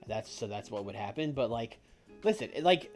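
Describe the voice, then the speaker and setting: A man's voice: medium pitch, lively intonation, normal speed, a little mellow. A man chatting casually while playing a wrestling sim game with a friend, dry and teasing, breaking into laughter. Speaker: co-host of a game stream. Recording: faint music behind.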